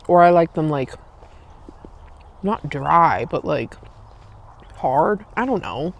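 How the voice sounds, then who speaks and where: Her voice sits low with vocal fry, animated but slow and broken by long pauses, as this vlogger and streamer in her late twenties chats casually in a park. She eats a snack while talking, filling her easygoing speech with "like" and "um."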